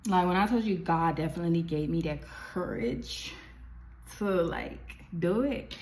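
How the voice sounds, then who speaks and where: A young woman telling a personal story to camera in a chatty, animated way, full of fillers. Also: fairly low pitch, measured pace, low-quality recording. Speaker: vlogger. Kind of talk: casual storytime.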